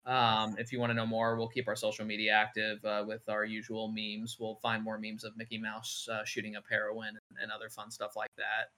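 A man's voice: on the low side, monotone, fairly quick, hardly any pauses, sharp tone. A man co-hosting a casual gaming podcast, talking in loose, rambling runs with lots of fillers and restarts. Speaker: podcast co-host. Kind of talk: casual chat.

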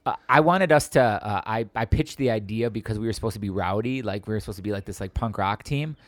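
A man's voice: fairly low pitch, quick pace, no room sound. A man co-hosting a casual chat, telling stories and acting out the people he quotes. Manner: animated, acts out quoted voices.

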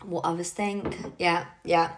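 A woman's voice: lowish voice, flat delivery, unhurried, a little hiss or hum. A young woman leading her team in a casual motivational talk, chatty and encouraging, with frequent fillers. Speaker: team leader.

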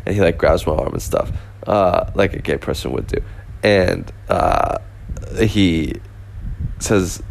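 A man's voice: low-pitched, lively intonation, takes it slowly, vocal fry, long pauses, a little hiss or hum. A young man casually telling a rambling story, full of fillers and restarts. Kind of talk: casual anecdote.

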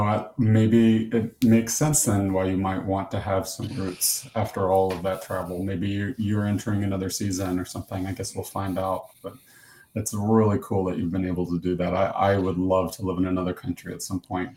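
A man with an American accent co-hosting a podcast in casual chat, self-deprecating and halting with fillers. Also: low-pitched, little pitch movement, darkish tone, a little hiss or hum. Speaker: podcast co-host. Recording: roomy echo.

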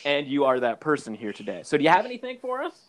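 A man's voice: a little high, wildly swooping pitch, quick pace. A man hosting a podcast interview, giving brief reactions and asking long, loose questions. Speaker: podcast host. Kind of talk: casual interview.

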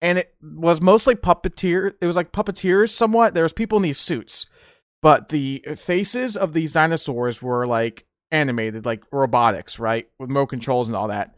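A man's voice: a little high, normal speed, no echo, clean studio sound. A man hosting a casual podcast, rambling through memories with frequent laughter. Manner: rambling, laughs often, many fillers. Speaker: streamer podcast host. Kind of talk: casual nostalgic chat.

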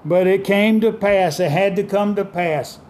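Man, high voice, fervent sermon, calls for amens, faint ambience. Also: a little mellow, slight background noise. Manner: fervent, call-and-response preaching; dramatic pauses and emphatic quoting of scripture. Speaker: preacher.

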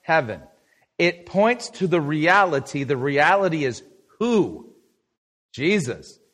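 Speaking slowly in a voice on the high side, a middle-aged man leads a Bible study as its pastor. His sermon lesson is lively and conversational, full of questions to the audience that he then answers himself.

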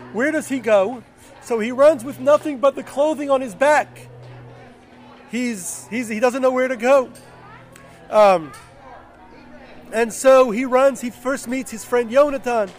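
A man casually retelling a Bible story, with fillers and self-corrections. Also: extremely high pitch.

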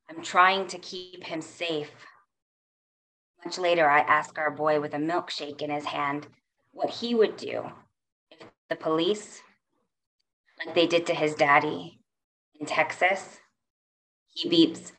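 A middle-aged woman poet reading her poems aloud in a slow, measured way with soft pauses between lines. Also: on the low side, slight background noise. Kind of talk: poetry reading.

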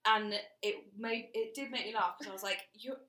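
A woman co-hosting a podcast, telling stories frankly and in an animated way, often laughing. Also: medium pitch, moderate pace, reverberant, rough recording. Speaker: podcast co-host. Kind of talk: casual chat.

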